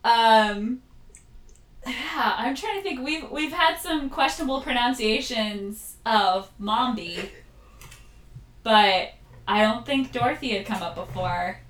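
A woman co-hosting a chatty podcast, her voice sitting a little high and breaking into giggles between halting fillers. The sound is roomy, with a noticeable echo around her. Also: animated, a bit bright. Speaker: podcast host. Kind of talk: casual podcast chat. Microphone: talking over a video call.

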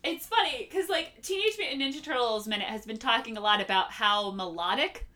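Casting: a lively woman podcast co-host, casual and quick to laugh. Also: fairly high pitch. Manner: animated, laughs often, acts out lines. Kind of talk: casual film discussion.

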